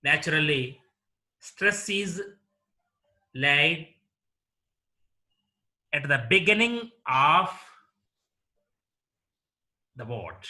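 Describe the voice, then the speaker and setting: A man lecturing on English word stress at a very unhurried pace, with a slightly high voice. He spells things out carefully and repeats example words one after another, like a teacher drilling a class. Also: pushed and bright. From India.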